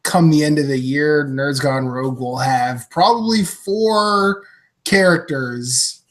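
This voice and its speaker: A man's voice: fairly high pitch, slow, a bit bright. Male podcast guest, playful and jokey casual chat.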